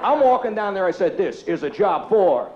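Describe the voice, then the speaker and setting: A man doing a brash, loud stand-up comedy routine in a comedy club. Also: high-pitched, very animated, moderate pace, heavy background noise. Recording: echoey club, lo-fi tape, loud crowd.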